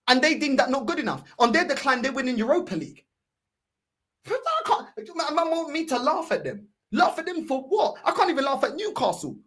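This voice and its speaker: A woman's voice: sits high, fairly bright tone. A woman ranting about her football club in an exasperated, repetitive way. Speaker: football fan streamer. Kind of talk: ranting fan commentary.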